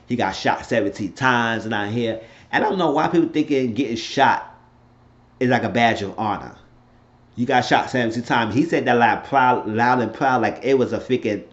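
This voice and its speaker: A man's voice: mid-range voice, lo-fi sound. Blunt, opinionated man recapping. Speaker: TV show reviewer. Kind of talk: casual unscripted recap.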